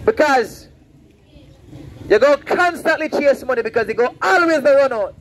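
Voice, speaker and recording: A man's voice: very high voice, animated, moderate pace, a little hiss or hum, poor audio. A man preaching outdoors on a roadside, fervent and repetitive, warning and pleading with passersby. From Saint Vincent. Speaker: street preacher. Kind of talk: open-air preaching.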